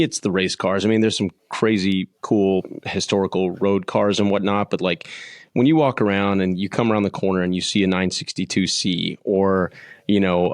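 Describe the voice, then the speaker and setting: A man's voice: low voice, no room sound, studio quality. A man co-hosting a podcast, talking enthusiastically in casual chat with many restarts. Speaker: podcast co-host.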